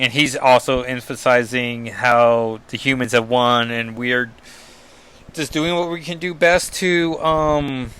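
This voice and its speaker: A man's clear, resonant voice sits at medium pitch. He goes through a comic book issue casually and rambles, peppering it with ums and asides while flatly reading the captions and dialogue aloud.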